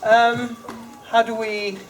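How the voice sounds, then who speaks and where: A man's voice: extremely high pitch, little pitch movement, slow, slight background noise. Chatty male school podcast host. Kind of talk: casual podcast hosting. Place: school library lounge.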